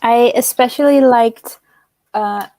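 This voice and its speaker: A woman's voice: fairly high pitch, slow, dark tone, no room sound. A woman hosting a casual online book club discussion, chatty and giggly, often trailing off with fillers. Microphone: video call.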